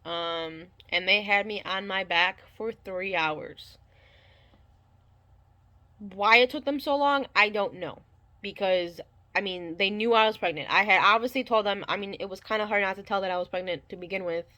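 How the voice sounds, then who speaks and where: A young woman tells a personal story in a loose, rambling way, full of fillers and restarts. Her voice is bright and clear, and she slips into the people she quotes as she goes. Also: medium pitch, normal speed. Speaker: new mother telling her birth story. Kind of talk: casual storytelling.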